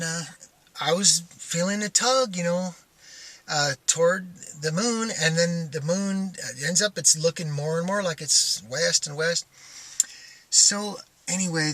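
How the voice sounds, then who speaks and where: A man's voice: fairly high pitch, sharp tone. A man talking casually in a personal vlog, rambling and thinking aloud with many stops and restarts. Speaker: vlogger.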